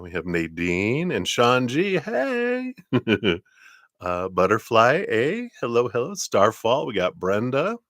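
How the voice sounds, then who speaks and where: Low-voiced man hosting a tarot live stream. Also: a bit bright, no room sound, clean studio sound. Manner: chatty, laughs often, many fillers. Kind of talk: casual live-stream chat.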